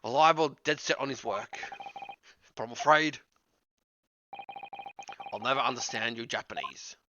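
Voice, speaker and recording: A streamer voicing an older male prison governor, reading game dialogue in a low, quiet, clipped delivery. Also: moderate pace, dull audio, noisy background, natural voice. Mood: dry gruff. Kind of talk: game dialogue read-along.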